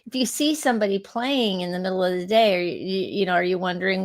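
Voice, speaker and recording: A middle-aged woman co-hosting a casual chat, telling stories in an animated way and acting out quotes. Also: medium pitch, fast. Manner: animated storyteller, laughs often, acts out quotes. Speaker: podcast co-host.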